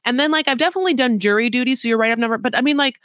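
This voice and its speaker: A woman's voice: fairly high pitch, racing, fairly bright tone, no echo, clean studio sound. A woman co-hosting a podcast, recapping reality TV in a rambling, frank chat full of "like" and swearing. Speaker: podcast co-host.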